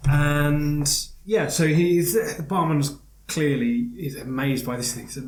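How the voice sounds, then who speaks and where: A man's voice: fairly high pitch, slow pace. A man hosting a casual podcast, rambling through a joke with lots of fillers and restarts. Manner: rambling, animated storyteller with many fillers. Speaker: podcast host. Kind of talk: casual chat, telling a joke. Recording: roomy echo.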